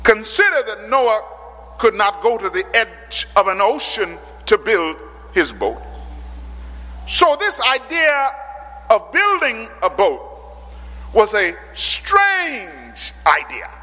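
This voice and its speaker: High-voiced island preacher guy, dramatic sermon, big reverb hall. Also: big pitch swings, takes it slowly. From Caribbean islands. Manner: dramatic preaching, rhetorical questions, sudden loud peaks.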